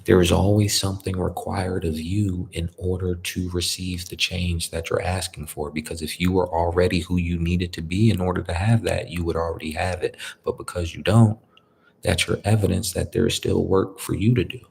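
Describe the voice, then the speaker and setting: A man's voice: sits low, level tone, moderate pace, creaky, darkish tone, a little hiss or hum. A man giving a casual spiritual talk, conversational and repetitive, often checking in with "you feel me". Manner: conversational, repeats "you feel me", colloquial grammar. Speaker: spiritual speaker.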